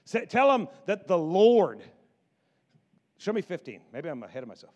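Middle-aged male pastor, lively sermon delivery with stammered repeats and acted-out quotes, voice sitting a little high. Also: moderate pace, highs cut off. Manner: animated, repeats words, acts out biblical quotes.

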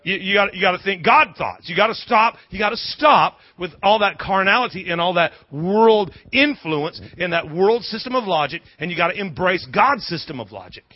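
A male preacher with a high, somewhat husky voice delivers a sermon in an emphatic call-and-response style and hammers his phrases through repetition. The recording sounds dull and lo-fi. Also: animated, moderate pace, hardly any pauses. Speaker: pastor.

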